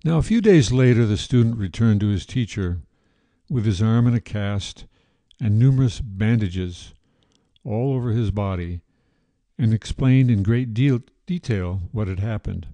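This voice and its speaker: Deep, mellow man telling a story. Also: animated, unhurried, no room sound. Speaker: podcast host and storyteller. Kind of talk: scripted story narration.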